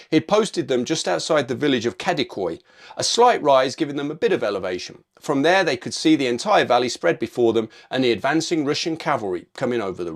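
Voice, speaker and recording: A man reads a history script with a brisk, conversational punch. He drops in informal asides as he goes, and his voice sits at an ordinary middle pitch. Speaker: history channel narrator.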